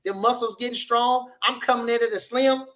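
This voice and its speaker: A man hosting a live boxing talk show, reading the chat aloud and trash-talking loudly with plenty of profanity. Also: very high-pitched, steady tone, brisk.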